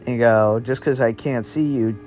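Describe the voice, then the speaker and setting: A man's voice: mid-range voice, steady tone, moderate pace, a little mellow, faint music behind. A man making up a spooky story as he goes, in a meandering, offhand, slangy way. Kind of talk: improvised spooky story narration.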